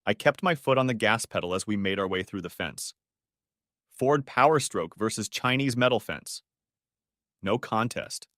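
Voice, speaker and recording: A man's voice: on the low side, animated, moderate pace, fairly bright tone, no room sound, clean studio sound. Man narrating a story audiobook. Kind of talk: first-person audiobook narration.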